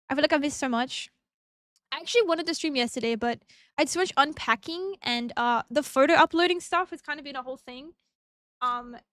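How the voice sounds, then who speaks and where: Brief: young woman, live-stream host, high and dry, giggly and chatty. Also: fairly bright tone, no echo. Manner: bubbly, giggly, greets chat members one by one. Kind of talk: casual live-stream chat.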